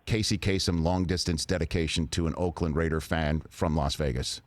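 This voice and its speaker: A man's voice: rumbling low, steady tone, a little fast, dry recording. A man hosting a talk show, chatting casually and teasing his guest with playful, repeated questions. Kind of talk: casual interview chat.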